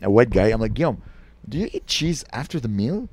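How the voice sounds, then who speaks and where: Lively man telling a comic story. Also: medium pitch, fairly quick, breathy edge, no room sound. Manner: animated storyteller, acts out quoted voices. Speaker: podcast co-host. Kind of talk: casual comedic chat.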